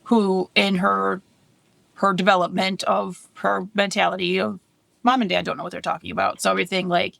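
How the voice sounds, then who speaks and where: Candid mom podcaster with gravelly voice. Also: female voice, mid-range voice, little pitch movement, normal speed, fairly bright tone, dry recording. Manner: candid, chatty, laughs often. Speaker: podcast co-host. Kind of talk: casual podcast chat.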